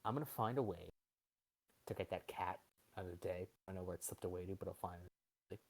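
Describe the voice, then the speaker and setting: A man voicing a stern male Beastmaster who gives quests, speaking low and gravely. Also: a little fast.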